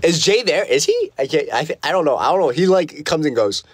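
A man's voice: on the high side, very animated, brisk. A man hosting a casual livestream, reading comments aloud and rambling with many fillers, from a small foam-lined practice room. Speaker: livestream host. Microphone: phone livestream.

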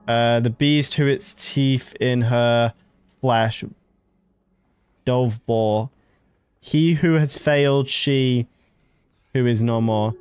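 A man commentating a horror game as he plays, excitable and jokey, reading the game's text aloud. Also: medium pitch, slow pace, faint music behind. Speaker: gamer. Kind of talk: let's play commentary.

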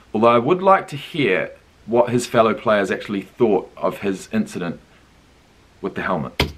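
A young man with a New Zealand accent, hosting a casual reaction video and thinking aloud with lively surprise. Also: fairly low pitch, husky. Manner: animated, thinks aloud, laughs and swears in surprise.

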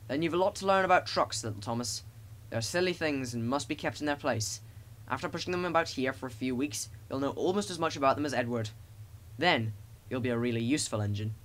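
A man voicing a stern but kindly stout railway director in a storybook reading, speaking in a measured way. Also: mid-range voice, fairly bright tone, close to an everyday voice.

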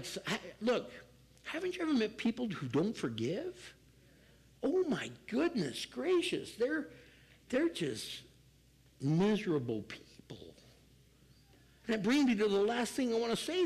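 An older man preaching as pastor, animated and acting out people in quick asides. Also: high-pitched, slightly rough, low-quality recording. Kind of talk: sermon.

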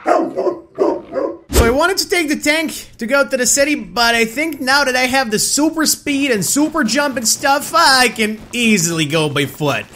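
A young man giving excited, loud gameplay commentary as a gaming video host. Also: very high voice, measured pace, slight background noise. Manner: hyped, loud exclamations and laughter. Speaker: gaming YouTuber. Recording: background music under voice.

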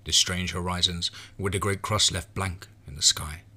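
A man reading a first-person horror story in a measured, low-key way. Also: fairly even intonation, sharp tone, husky.

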